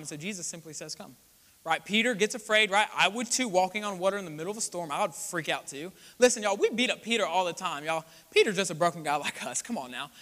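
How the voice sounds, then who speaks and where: A young man preaches to his congregation, his high, bright voice carrying through a church sanctuary with long reverb. He talks in a loose, conversational way, acts out the voices he quotes and keeps turning to the people with asides. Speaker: pastor. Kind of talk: sermon.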